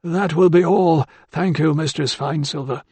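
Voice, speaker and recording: A man voicing an excitable, fussy old male anatomist in an audiobook, speaking in a raised, insistent, drawn-out way. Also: on the high side, creaky, husky, no echo, voice pushed up, exaggerated voice.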